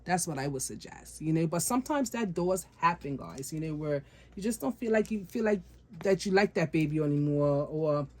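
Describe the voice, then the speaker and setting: Speaking quickly in a fairly low, slightly mellow voice, a woman vlogs casually about her doll collection. She addresses viewers as guys and repeats phrases to stress her points.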